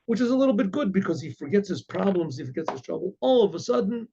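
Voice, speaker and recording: A man, a rabbi, telling a story in an animated, halting way. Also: high voice, creaky, slight background noise. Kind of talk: oral storytelling. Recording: dull lo-fi recording.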